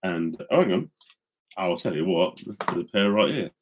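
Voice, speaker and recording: A man's voice: deep voice, expressive, moderate pace, lo-fi sound, background noise. A middle-aged man casually chatting with viewers on a live stream, rambling with many ums and restarts, into a studio microphone.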